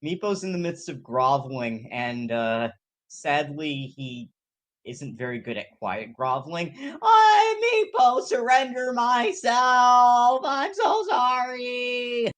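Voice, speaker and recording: A woman's voice: very deep voice, measured pace, pitched below the performer's own voice. A woman voicing a cowardly male adventurer who talks about himself in the third person and wails when he pleads.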